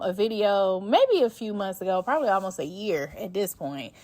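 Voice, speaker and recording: A woman's voice: mid-range voice, dry recording. Woman podcast host, blunt and cussing a lot, super emphatic, dry close sound. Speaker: podcast host answering listener emails. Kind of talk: casual advice chat.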